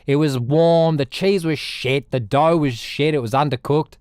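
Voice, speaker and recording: A young Australian man chatting casually on a music livestream, rambling, with loud bursts and low mutters. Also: normal speed, crowd noise. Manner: animated, rambling, swings between loud outbursts and mutters. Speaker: music streamer.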